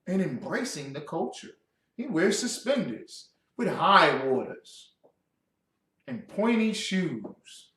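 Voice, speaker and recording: A man's voice: fairly high pitch, big pitch swings, slow pace, a bit bright. A man giving a classroom sermon as a religious teacher, preaching with lots of rhetorical questions. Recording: echoey room, distant mic.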